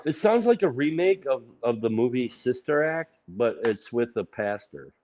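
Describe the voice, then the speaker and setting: A man's voice: mid-range voice, very animated, moderate pace, a little mellow. A man co-hosting a livestream, chatting casually in a joking, rambling way. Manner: joking, rambling, laughs often. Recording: muffled lo-fi audio.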